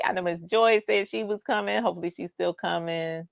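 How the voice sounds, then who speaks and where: A woman's voice: on the low side, fairly even intonation, fairly quick, creaky, no echo, muffled recording. A woman hosting a casual livestream, reading the chat out and cheering for her viewers. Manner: bubbly, squeals and cheers at viewers.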